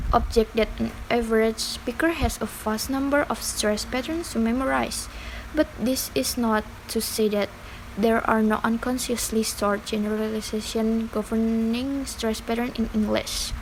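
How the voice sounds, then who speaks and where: Young woman with an Indonesian accent reading a lesson. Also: fairly high pitch. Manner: careful, slightly halting reading with non-native grammar slips. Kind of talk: reading an academic lesson aloud. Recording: faint background noise.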